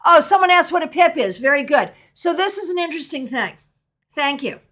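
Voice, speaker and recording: A woman's voice: sits high, animated, fairly quick, fairly bright tone. A middle-aged woman teaching a live online tarot workshop, chatting candidly and answering viewer questions as she goes.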